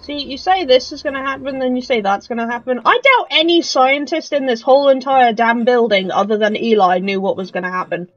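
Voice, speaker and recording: A woman plays a game while giving chatty, joking commentary as a let's play gamer. Her voice is a little high and a little fast, with few pauses, in this casual gaming commentary. It's recorded on a dull lo-fi mic with faint noise.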